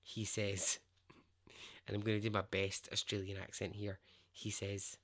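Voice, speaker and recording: A man's voice: fairly low pitch, monotone, unhurried, fairly bright tone. A man hosting a podcast, telling a true story in a conversational, emphatic way and swearing freely. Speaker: podcast host.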